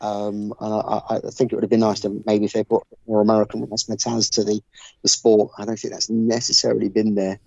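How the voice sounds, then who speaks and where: A man with a low voice talks through his thoughts in a relaxed podcast chat, pausing often on fillers. The sound is dry and a little dull, like a home remote recording. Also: gravelly, dry recording. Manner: thoughtful, hesitant with many fillers. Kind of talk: casual chat.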